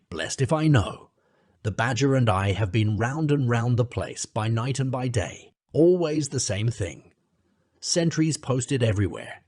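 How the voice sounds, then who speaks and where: A man's voice: medium pitch, a little mellow, no room sound, studio quality. Man doing a grumpy little mole.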